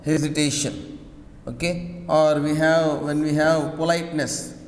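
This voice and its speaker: A man teaching a class, slowly repeating key phrases, with fillers when he hesitates. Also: on the high side, little pitch movement. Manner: slow, repetitive, with hesitant fillers. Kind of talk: classroom lecture. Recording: echoey room with long reverb.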